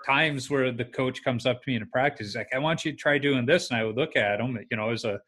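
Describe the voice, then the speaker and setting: A man with an ordinary mid-range voice hosts a relaxed talk. He tells stories in a chatty, easygoing way, with the odd filler word. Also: mid-range voice, quick pace. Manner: chatty anecdotal storytelling. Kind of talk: casual conversation.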